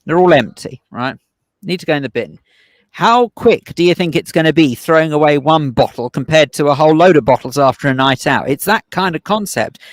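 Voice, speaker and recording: A man's voice: a little high, lively intonation, a little fast, no echo. A male radio co-host in casual banter, rambling through a long example and laughing at himself.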